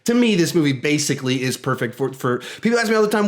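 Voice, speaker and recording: He talks fast and barely pauses, his voice on the high side, while giving an excited, casual review of a movie. Along the way he restarts sentences often and dramatizes lines from it.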